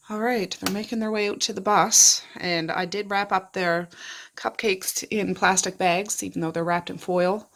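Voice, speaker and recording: A middle-aged woman vlogging her day at home on a handheld phone, talking in a chatty, homely way straight to her viewers. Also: mid-range voice. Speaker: vlogger and mother. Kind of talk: casual day-in-the-life vlog narration. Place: home and car, in Nova Scotia. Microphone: handheld phone camera.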